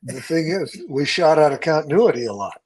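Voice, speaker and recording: A man's voice: a little high, brisk, husky, low-quality recording. A man, a stunt coordinator, telling behind-the-scenes stories in casual chat, swearing freely. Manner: animated storyteller, acts out quotes, swears freely.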